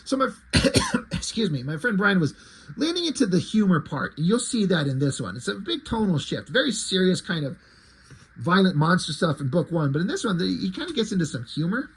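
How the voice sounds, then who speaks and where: A man with a fairly high voice and a husky, slightly breathy tone talks about an old comic. His commentary is chatty and rambling, with casual swearing. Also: sing-song, a little fast, rough recording. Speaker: comic book reviewer.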